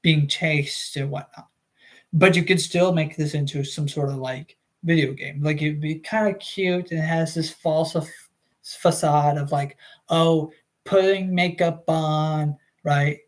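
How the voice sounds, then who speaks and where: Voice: mid-range voice, steady tone, unhurried. A streamer reading a book aloud on a livestream, chatting casually and rambling with many fillers.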